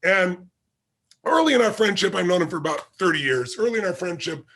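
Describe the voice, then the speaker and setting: A man's voice: high-pitched, lively intonation, a little fast, fairly bright tone, slight background noise. A man being interviewed as a guest, telling a story vividly and acting out the quoted dialogue. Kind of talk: animated anecdotal storytelling.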